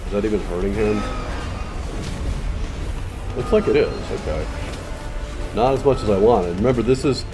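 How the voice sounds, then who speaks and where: A man's voice: moderate pace, long pauses, music in the background. A man streaming a video game, muttering casual commentary with frequent swearing. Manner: muttering, swearing, low-key.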